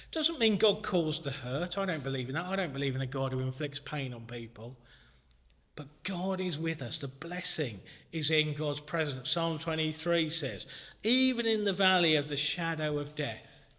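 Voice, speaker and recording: A man preaching a sermon in a church, earnest and conversational, ranging from hushed moments to shouting. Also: fairly high pitch. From Britain. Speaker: minister. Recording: long church reverb.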